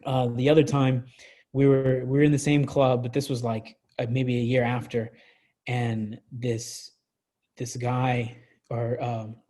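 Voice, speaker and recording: A man's voice: medium pitch, flat delivery, measured pace, mellow. A young man as a podcast guest, telling a story in a rambling way, full of fillers and restarts. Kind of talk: casual storytelling.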